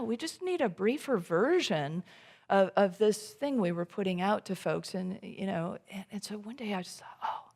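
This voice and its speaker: In a church sanctuary, a woman delivers a conversational sermon, relaxed and chatty with many fillers and restarts. She voices her own inner thoughts as quotes, speaking in a mid-range, gravelly voice.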